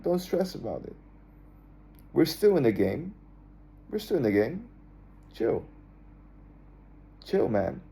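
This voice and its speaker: A man's voice: medium pitch, mellow. A young man talking to his viewers in a casual, laid-back monologue, often repeating himself and adding "man" and "bro". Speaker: vlogger.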